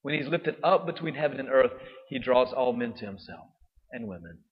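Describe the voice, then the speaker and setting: A man's voice: mid-range voice, lively intonation, a little fast, slight background noise. A man preaching a sermon in a church, in a conversational way, often checking in with "right?". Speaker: priest. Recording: dull echoey church recording.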